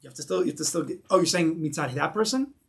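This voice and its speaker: A rabbi teaching a conversational Torah class, animated, acting out stories and asking rhetorical questions. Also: male voice, on the high side, quick pace, gravelly.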